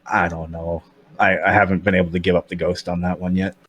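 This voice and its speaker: A man's voice: low voice, flat delivery, fairly quick, a bit bright, lo-fi sound, slight background noise. A man in his thirties with a slight lisp, chatting candidly as a podcast guest, with many fillers and restarts. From Canada. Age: 30s. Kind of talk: casual chat.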